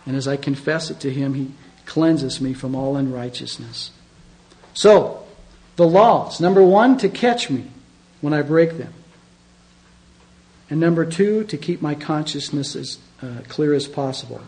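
A man's voice: fairly high pitch, lively intonation, measured pace, long pauses, darkish tone, poor audio. A middle-aged man preaching a sermon as pastor, conversational and emphatic, often asking his listeners questions.

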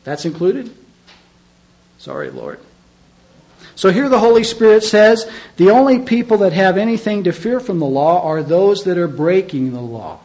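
A man's voice: high voice, normal speed, few pauses, darkish tone, rough recording. A middle-aged man preaching a sermon as pastor, conversational and emphatic, often asking his listeners questions.

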